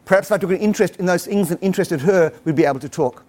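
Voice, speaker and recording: A middle-aged man with a high-pitched voice talks fast as he gives a humorous talk to parents. He tells stories with animation and acts out bits of dialogue.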